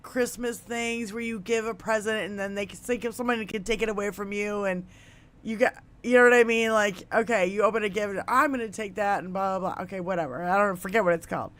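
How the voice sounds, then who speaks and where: A woman co-hosting a casual podcast chat, swearing freely and laughing loudly as she tells stories. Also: on the high side. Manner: loud, laughing storyteller, swears often. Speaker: podcast co-host.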